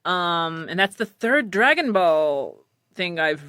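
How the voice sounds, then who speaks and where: A woman hosting a podcast in casual chat, animated and quick to laugh, often acting out quoted dialogue. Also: lowish voice, no echo. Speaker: podcast host; voice actor and script supervisor.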